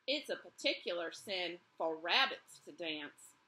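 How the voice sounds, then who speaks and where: A woman reading aloud as a stern man in a hat in a storybook, speaking slowly and solemnly. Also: fairly low pitch, expressive, sharp tone, husky, pitched below the performer's own voice, heavily acted, rough recording. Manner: slow, solemn disapproval.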